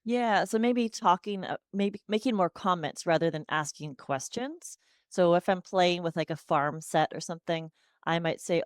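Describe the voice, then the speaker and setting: A woman's voice: lowish voice, normal speed, no echo, studio quality. A woman in her forties, a speech-language pathologist, chatting casually as a podcast guest and slipping into a sing-song tone when she models talking to children. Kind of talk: casual interview conversation.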